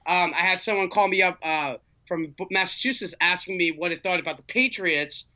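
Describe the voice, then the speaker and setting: A man hosting a casual sports talk show, playful and halting, with many fillers. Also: high voice, pushed and bright, dull audio. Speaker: host.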